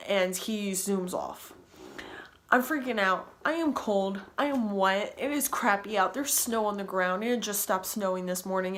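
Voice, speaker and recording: A woman's voice: mid-range voice, fairly bright tone. A woman vlogger telling a personal story in a storytime vlog, in a breathless, rambling way, repeating herself and restarting sentences.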